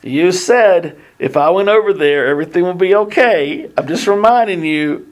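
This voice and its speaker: A man's voice: high-pitched, lively intonation, moderate pace, pitched above the performer's own voice, poor audio. Give me a man playing a frightened, pleading Jacob with a slightly raised, whiny voice. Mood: scared pleading. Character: frightened male patriarch Jacob, anxious, pleading.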